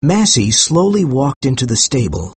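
Male narrator, measured and expressive; husky tone, dry booth sound. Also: medium pitch, no echo. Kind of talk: scripted audiobook narration.

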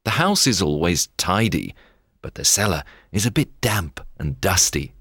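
Man, storybook narrator, very low voice, slow measured reading, dry studio sound. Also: breathy edge, dry recording. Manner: expressive, measured read-aloud delivery.

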